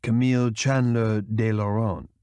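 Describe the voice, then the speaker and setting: A man's voice: on the low side, steady tone, unhurried, dark tone, clean tone, no room sound, lightly acted. A man doing a cool, curt rich man. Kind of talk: audiobook character reading.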